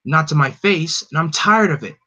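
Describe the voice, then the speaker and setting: A man's voice: fairly high pitch, moderate pace, pushed and bright. Kid Flash: a man doing an eager young speedster. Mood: earnest. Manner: eager, earnest, touchy. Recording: dull lo-fi recording.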